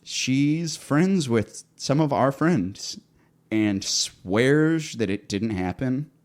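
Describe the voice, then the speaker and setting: A man's voice: medium pitch, lively intonation, extremely slow. A man hosting a podcast, telling a long story in a laid-back way, often repeating words as he goes. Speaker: podcast host. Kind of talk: casual podcast chat.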